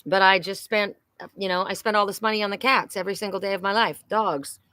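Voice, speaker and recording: A woman's voice: mid-range voice, steady tone, a little fast, sharp tone, no room sound. A middle-aged woman hosting a psychic live stream, talking candidly and emotionally, often repeating herself and swearing.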